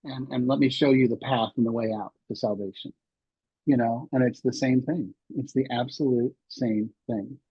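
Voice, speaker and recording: A man's voice: mid-range voice, fairly even intonation, normal speed, slightly rough, no echo, muffled recording. A man in his sixties telling personal stories as a podcast guest, rambling with many restarts and fillers. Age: 60s. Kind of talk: candid interview storytelling.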